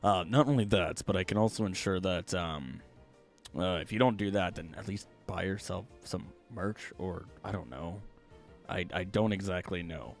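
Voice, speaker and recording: With a low, creaky voice and a moderate pace, this man chats with viewers on his livestream, faint music playing behind him. He streams and does voice acting, and he reads the chat aloud with animated jokes.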